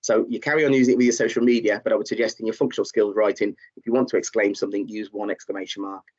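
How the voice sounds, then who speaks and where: A man's voice: lowish voice, steady tone, racing, darkish tone. A man teaching a live online lesson, encouraging learners and reading out their chat answers, with many fillers. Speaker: tutor. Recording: slightly dull, muffled audio.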